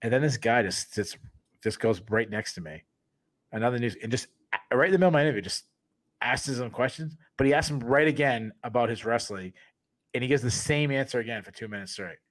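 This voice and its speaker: A man's voice: medium pitch, brisk, dry recording. A man co-hosting a podcast, telling rambling stories in casual chat and laughing often between sentences. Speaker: podcast co-host.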